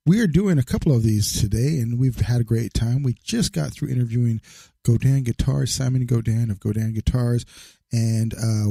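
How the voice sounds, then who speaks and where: A man's voice: mid-range voice, mellow, dry recording. A man hosting a podcast in a casual, rambling way, laughing often. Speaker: podcast host. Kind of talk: casual interview chat.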